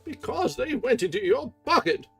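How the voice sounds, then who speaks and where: Man doing a shrill old woman, yelping, indignant, high and swooping, husky. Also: sing-song, moderate pace, fairly bright tone, faint music behind, exaggerated voice. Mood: outraged. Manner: shrill, choked, yelping outbursts.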